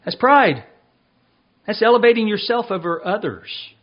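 A man preaching a sermon as pastor, reading passages and slowing down to stress his points. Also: sits high, lively intonation, lo-fi sound.

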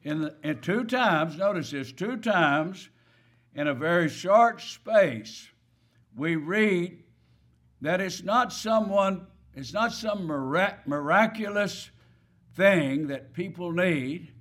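Man preaching slow and deliberate, leans on key words, asks questions back at the room. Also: high-pitched, expressive, fairly bright tone. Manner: emphatic, repeats key words, rhetorical questions. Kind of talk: sermon.

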